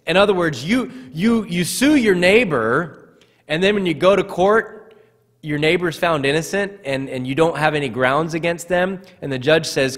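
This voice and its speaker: A man's voice: a little high, moderate pace, fairly bright tone. A man preaching a sermon as pastor, earnest, often repeating words as he starts a phrase. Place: church sanctuary. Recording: church hall reverb.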